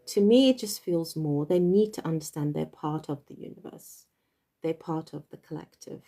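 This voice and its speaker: A woman's voice: low voice, lively intonation, normal speed, gravelly, dark tone. Giggly woman doing a card reading. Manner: chatty, giggles often. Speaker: tarot reader. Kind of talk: casual card reading to viewers.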